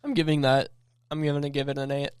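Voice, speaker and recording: A man's voice: mid-range voice, flat delivery, quick pace, a little mellow, clear, resonant tone, dry recording, studio quality. A young man, the show's producer, chatting casually and asking offhand questions. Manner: offhand, asks simple questions. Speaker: podcast producer. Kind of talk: casual chat.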